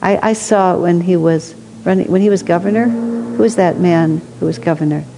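A woman telling stories in a reflective spiritual discussion, thoughtful, with asides and soft laughs. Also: lowish voice, moderate pace, noisy background. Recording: long hall reverb.

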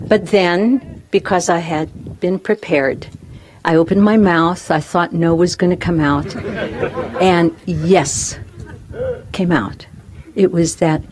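Woman, lowish voice, expressive storyteller, laughs through her talk, spiritual speaker. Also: slow pace, crowd noise. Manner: expressive, laughing often while she tells it. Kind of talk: personal storytelling talk to a live group.

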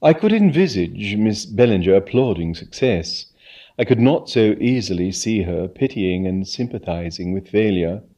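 A man voicing a calm, clever male valet who speaks softly in a measured, formal way. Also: on the low side.

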